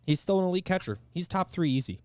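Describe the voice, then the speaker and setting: A man's voice: sits high, lively intonation, fast, a little mellow, clear, resonant tone, no room sound. A man co-hosting a sports podcast, earnest and reeling off stats as he corrects himself. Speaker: podcast co-host. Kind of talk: casual sports chat and rants.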